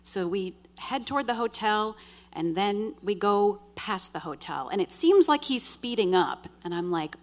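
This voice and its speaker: A woman with a mid-pitched voice recounts a true story live on stage. She tells it with dry, wry humor and acts out the dialogue in a lively way. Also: moderate pace. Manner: vivid, animated retelling with quoted dialogue. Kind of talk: live first-person storytelling.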